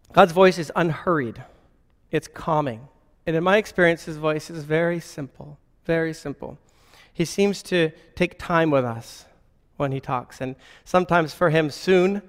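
A man's voice: on the high side, normal speed, long reverb tail. A man giving an informal Christian teaching in a conversational way, often asking rhetorical questions.

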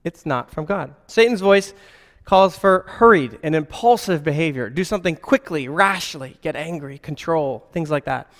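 A man's voice: fairly high pitch, animated, normal speed, fairly bright tone, big-room sound. A man giving an informal Christian teaching in a conversational way, often asking rhetorical questions.

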